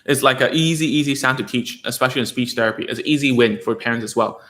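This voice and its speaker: Speaking fast, the man has a medium-pitched, somewhat bright voice that bounces around an echoey room. He's a speech therapist giving parents an informal, meandering explanation, peppered with fillers and "okay?"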